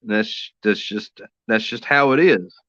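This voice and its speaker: A man's voice: lowish voice, lively intonation, takes it slowly, a bit bright, no room sound. A man chatting casually and rambling easygoing while he draws live for his stream. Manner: rambling, easygoing, talks to himself while working. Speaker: artist streaming a drawing session. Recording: dull, dry lo-fi sound.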